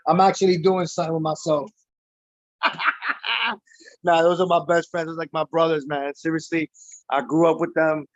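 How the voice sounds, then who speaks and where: Tipsy and laughing, a man reacts casually on a livestream to his team's baseball playoff game. He speaks at a moderate pace with a flat delivery on the high side, pausing often; the lo-fi sound is dull and dry, without echo.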